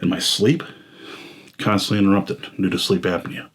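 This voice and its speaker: A man's voice: sits low, level tone, moderate pace, slightly rough. A man in his forties, blunt and self-deprecating, who gives a candid personal monologue as host while short of breath. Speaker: filmmaker and host.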